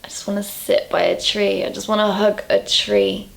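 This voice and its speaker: A young woman from England talking casually to camera in a vlog, candid and quick to laugh at herself, a little out of breath. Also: mid-range voice, very animated, vocal fry. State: out of breath, low on energy. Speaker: vlogger.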